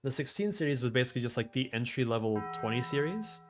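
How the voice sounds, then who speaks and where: A man's voice: mid-range voice, expressive, fast, music in the background. A young man live-streaming from home, chatting loosely with his viewers and rambling through explanations of computer hardware, swearing freely. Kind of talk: casual live-stream chat, reading chat aloud. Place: home room.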